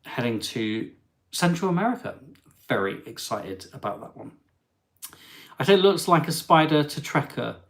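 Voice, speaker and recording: A man hosting a casual live travel stream, chatting and reading viewer comments aloud in an animated way. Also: medium pitch, vocal fry. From England.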